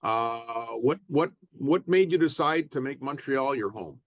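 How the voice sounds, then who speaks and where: A man's voice: medium pitch, animated, measured pace, no room sound. Male podcast host, close and dry. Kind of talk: interview hosting.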